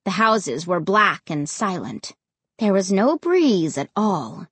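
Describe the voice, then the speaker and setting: A woman narrating a first-person story as an audiobook reader, with expressive storytelling. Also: mid-range voice, slow pace, slightly rough, dry recording.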